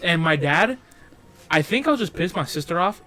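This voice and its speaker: A man's voice: a little high, lively intonation, moderate pace, pushed and bright, soft background music. Profane rambling young man, casual podcast. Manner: profane, rambling, laughing storyteller. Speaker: podcast co-host.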